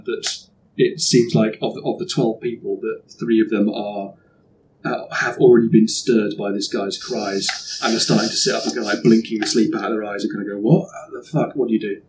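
A man's voice: lowish voice, a little mellow, a little hiss or hum. Hesitant man running a tabletop game. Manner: rambling, hesitant, laughs often. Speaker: game master.

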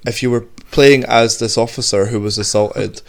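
A man hosting a podcast, telling a story in casual chat with animated, rambling restarts. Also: medium pitch, measured pace, gravelly. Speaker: podcast host.

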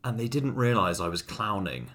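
A man co-hosting a podcast, telling a story in a deadpan, tongue-in-cheek way. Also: fairly low pitch, moderate pace. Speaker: podcast co-host. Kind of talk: casual comic chat.

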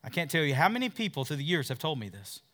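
A male pastor preaching a fervent sermon, drawing call-and-response from the congregation and swinging between loud peaks and hushed asides. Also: on the high side, big pitch swings, fast. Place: church service with a congregation.

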